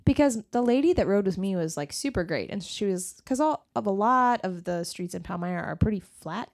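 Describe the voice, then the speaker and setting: A young woman co-hosting a casual podcast from home, her pitch moving widely as she tells a story. She quotes what she and others said, keeping it chatty and relaxed. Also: fairly quick, vocal fry. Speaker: podcast co-host. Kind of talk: casual chat.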